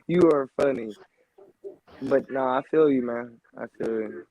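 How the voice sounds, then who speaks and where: A laid-back man chimes into a casual chat with short, slow, agreeing replies and the odd profane remark. He never hurries. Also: medium pitch, warm tone, no echo, highs cut off.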